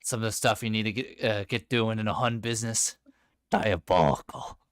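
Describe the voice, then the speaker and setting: A man running a tabletop game as game master, narrating in a halting way with many filler sounds. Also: lowish voice, smooth, no room sound, studio quality.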